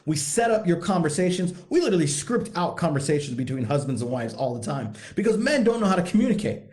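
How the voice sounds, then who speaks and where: A man's voice: fairly high pitch, darkish tone. A man coaching husbands in a blunt, profane, emphatic monologue, hammering points home by repeating them. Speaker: podcast host, men's coach.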